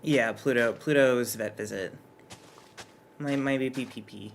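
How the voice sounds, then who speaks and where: Man, casual chat, nervous rambler, mid pitch. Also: unhurried, creaky, a little hiss or hum. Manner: rambling, hesitant, nervous restarts. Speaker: streamer's partner and guest artist.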